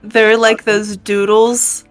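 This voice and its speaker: A woman's voice: mid-range voice, level tone, slow, soft background music. A woman chatting playfully as a player in a tabletop game. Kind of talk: casual game chat.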